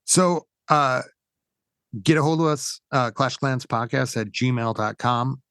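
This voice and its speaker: A man's voice: medium pitch, slow pace, fairly bright tone, clean tone, no echo, studio quality. A man co-hosting a casual gaming podcast, loose and rambling with lots of fillers. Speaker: podcast co-host.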